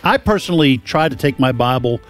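A man's voice: mid-range voice, fairly quick, soft background music. An older man with a Boston accent, co-hosting a radio show in casual chat and stumbling over his words. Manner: animated, stumbling. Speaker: radio co-host.

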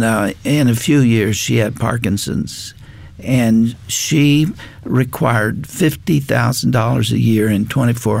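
An older man telling a personal faith story in an earnest, unhurried way. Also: medium pitch, gravelly, a little mellow, dry recording. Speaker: guest. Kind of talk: personal testimony in conversation.

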